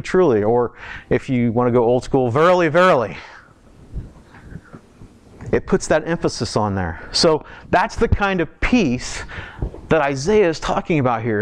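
A man preaching a sermon in a church, talking conversationally, asking the congregation questions and slowing down to stress key words. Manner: slows down and lifts pitch for emphasis. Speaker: pastor.

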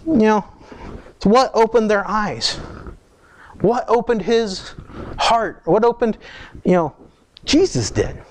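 High-voiced man preaching conversationally. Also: slow pace, long pauses. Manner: conversational storytelling with animated quoted asides. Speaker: pastor. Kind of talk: sermon.

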